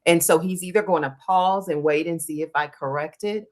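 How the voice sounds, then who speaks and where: A woman's voice: fairly low pitch, normal speed. A woman guest on an interview show, talking casually and animatedly about working with her running coach, acting out quoted conversations. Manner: animated storytelling, acts out quoted dialogue. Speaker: guest, endurance runner.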